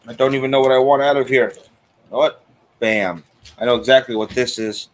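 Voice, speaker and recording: A man's voice: medium pitch, steady tone, fairly quick, a little hiss or hum. A man hosting a live cigar stream in a chatty, casual way, greeting viewers by name. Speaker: host of a cigar show.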